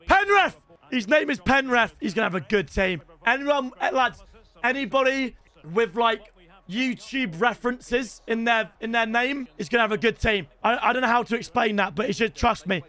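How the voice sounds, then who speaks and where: Excitable young British male streamer, high and sharp, swears, shouts. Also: moderate pace. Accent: British English. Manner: excitable, swears, shouts at the game, addresses viewers as lads. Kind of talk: live gaming commentary.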